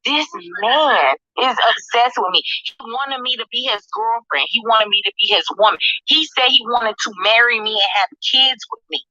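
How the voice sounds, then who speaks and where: A woman's voice: a little high, moderate pace, hardly any pauses, bright, forceful tone, no echo. A woman, upset and insistent, defending herself on a livestream. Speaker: livestream guest. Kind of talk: emotional self-defense on a livestream. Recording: dull dry lo-fi stream audio.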